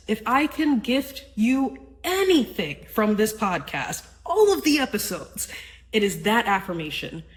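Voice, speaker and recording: A woman hosts a spiritual self-help podcast, speaking earnestly and casually, often tossing in "right?" and an occasional swear word. Her voice sits on the high side, sing-song and a little slow, and the recording is rough.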